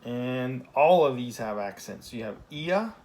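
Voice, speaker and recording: A man's voice: medium pitch, animated, measured pace, darkish tone. A man teaching a Spanish grammar lesson in a casual classroom style, often checking in with "okay?" and correcting himself as he goes.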